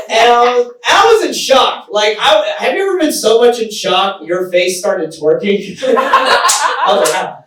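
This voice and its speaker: A high-pitched young man from Texas works through a stand-up set, telling his stories in an animated way and cracking up at his own jokes. He sounds a little far from the mic, in a very echoey room with a faint hiss behind him. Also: slow pace. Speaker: stand-up comedian. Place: live comedy stage in a small theater.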